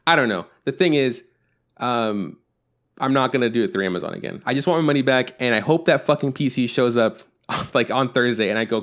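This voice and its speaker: A man with a medium-pitched, slightly bright voice talks briskly. Co-hosting a podcast, he tells a story casually, plays both sides of a phone call, and swears often in an exasperated way.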